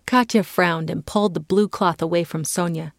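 A woman giving a calm, clear reading as the narrator of a children's story. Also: fairly low pitch, normal speed, no room sound, studio quality.

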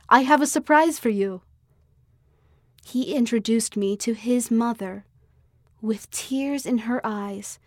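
Female narrator, fairly high voice, heartfelt first-person reading, dry studio sound. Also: dry recording. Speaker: audio magazine reader.

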